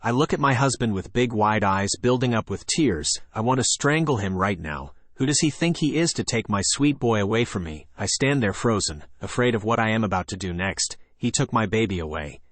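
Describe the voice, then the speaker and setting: Male horror narrator, lower voice, steady scripted read, dry close sound. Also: fairly quick, few pauses, no room sound.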